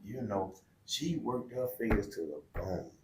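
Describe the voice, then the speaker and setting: A middle-aged man with a lowish voice speaks candidly and with feeling, his talk colloquial and open as a podcast guest. The room gives his voice a noticeable echo. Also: lively intonation, measured pace, vocal fry, background noise. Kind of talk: heartfelt personal storytelling. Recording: roomy echo.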